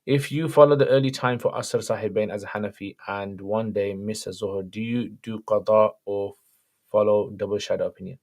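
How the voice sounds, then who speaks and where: Guy on a livestream reading out questions and answering them, kinda low voice, laid back. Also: normal speed. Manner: reads questions aloud then answers plainly, relaxed and conversational. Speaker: host answering viewer questions. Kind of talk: casual livestream Q&A.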